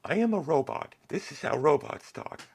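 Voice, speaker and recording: Stiff monotone robot with a raspy gravelly edge, a guy doing it with his own voice. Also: a little high, moderate pace. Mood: flat. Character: flat-spoken male robot. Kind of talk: robot voice impression.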